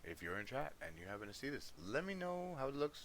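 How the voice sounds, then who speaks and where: A man's voice: mid-range voice, very animated, fast, gravelly, a bit bright, a little hiss or hum. A male livestreamer chatting casually, easygoing, coaxing and scolding his dog between music talk.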